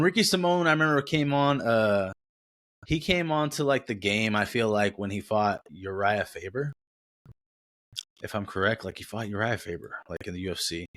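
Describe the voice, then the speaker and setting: A man's voice: lowish voice, fairly bright tone. A young man hosting a sports podcast, talking in a casual, rambling, slangy way and correcting himself as he goes. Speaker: podcast host.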